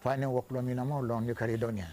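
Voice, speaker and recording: An older man from Vanuatu with a Bislama-speaking Ni-Vanuatu accent, recounting his life story in a halting way, with restarts and fillers. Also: medium pitch, level tone, warm tone, faint music behind. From Vanuatu (New Hebrides). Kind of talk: recounting personal history.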